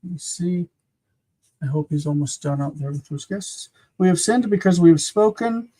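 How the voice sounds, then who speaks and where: A teacher hosting a live-streamed grammar lesson, explaining slowly and patiently with frequent pauses and repeating words aloud. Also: medium pitch, expressive, warm tone.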